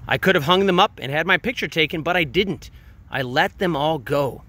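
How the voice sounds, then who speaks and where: A man's voice: fairly high pitch, moderate pace, sharp tone. A man reading as an earnest little boy. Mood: pleading. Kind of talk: storybook read-aloud.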